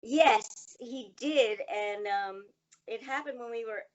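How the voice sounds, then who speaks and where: Older female guest, animated storyteller, lo-fi sound. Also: fairly high pitch, slow pace. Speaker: guest voice actress. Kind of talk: casual interview chat.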